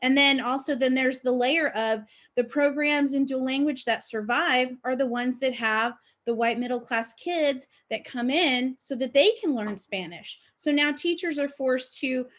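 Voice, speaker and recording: A woman educator with a fairly high voice speaks on a video call panel. She is reflective and anecdotal, with frequent ums and pauses. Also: a bit bright. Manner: reflective, anecdotal, many fillers. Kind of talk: panel discussion.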